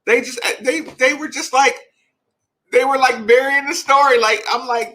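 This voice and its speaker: A man's voice: extremely high pitch, animated, a little slow, sharp tone. A man hosting a casual late-night live show, rambling as he reads and answers chat comments.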